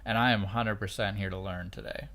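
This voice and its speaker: A man co-hosting a casual podcast, jokey and playful, animated when telling stories about his kids. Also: fairly low pitch, a little fast. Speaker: podcast co-host, parent.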